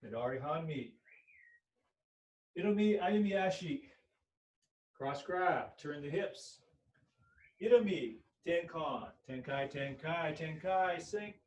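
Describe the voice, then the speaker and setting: A man's voice: a little high, lively intonation, takes it slowly, long pauses. Man calling short cues in an echoey room. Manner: calls out short technique cues while demonstrating. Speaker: aikido instructor. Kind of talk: live online class instruction. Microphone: laptop or camera mic at a distance. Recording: echoey room, distant mic.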